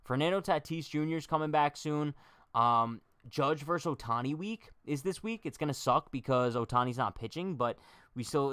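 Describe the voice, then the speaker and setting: A man's voice: medium pitch, a bit bright, clear, resonant tone, dry recording, studio quality. A young man hosting a casual baseball livestream, chatting and joking straight to his viewers. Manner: chatty, jokey, talks to chat directly.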